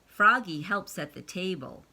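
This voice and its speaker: Slow, bright-voiced woman reading to kids. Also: on the low side, expressive. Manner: chatty asides to young listeners. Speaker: read-aloud storyteller. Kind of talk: reading a picture book aloud to children.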